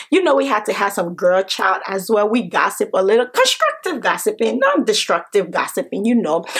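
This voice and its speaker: A woman vlogger telling a story in an excitable, animated way, repeating phrases and swearing now and then. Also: medium pitch, slightly rough. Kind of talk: casual vlog storytelling.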